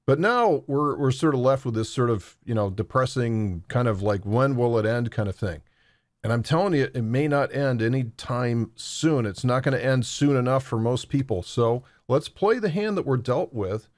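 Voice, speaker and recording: A man giving conversational crypto market commentary over charts, acting out what traders say in animated asides. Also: medium pitch, moderate pace, dry recording, clean studio sound.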